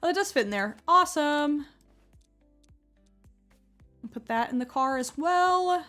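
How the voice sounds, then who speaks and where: A young woman streamer with a high voice, chatting to her viewers as she plays and breaking into excited outbursts. Faint music plays quietly underneath her talk. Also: measured pace. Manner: chatty, excitable, swears casually, gets loud when surprised. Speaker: gaming streamer. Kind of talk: casual live-stream commentary.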